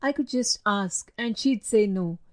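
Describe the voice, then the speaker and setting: A woman voicing a timid, gentle young boy who speaks softly and wistfully in a storybook reading. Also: mid-range voice, a little slow, close to an everyday voice. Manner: soft and wistful.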